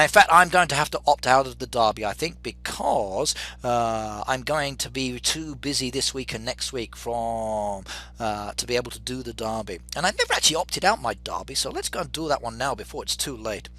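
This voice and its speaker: Guy in his 30s chatting on a game stream, voice jumps all over, really bright and sharp. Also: medium pitch. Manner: chatty, reads viewer comments aloud and jokes with them. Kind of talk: live-stream chat while playing.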